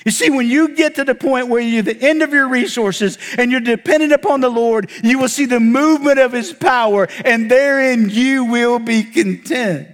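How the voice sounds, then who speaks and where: A man delivers a sermon as a pastor, his voice sitting high for a man. He preaches emphatically, climbing into animated bursts and then dropping to a low hush. Long reverb from a large hall trails every phrase. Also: moderate pace, hardly any pauses.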